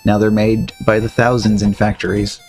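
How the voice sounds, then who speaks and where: A man's voice: lowish voice, monotone, normal speed, a little mellow, husky, soft background music. A man playing through a game on a stream, chatty and joking as he reads on-screen text. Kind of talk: let's-play commentary.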